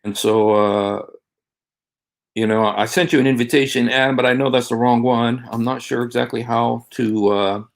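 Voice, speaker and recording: Gravelly, halting man on a livestream. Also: mid-range voice, steady tone. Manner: halting, rambling, many fillers and restarts. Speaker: livestream host. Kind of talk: casual livestream talk.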